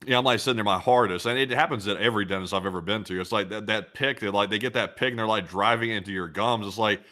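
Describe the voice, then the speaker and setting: A man's voice: fairly low pitch, fast, pushed and bright. A man with a Southern American accent, co-hosting a show and telling rambling stories in casual chat. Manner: rambling, storytelling with acted-out quotes. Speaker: co-host.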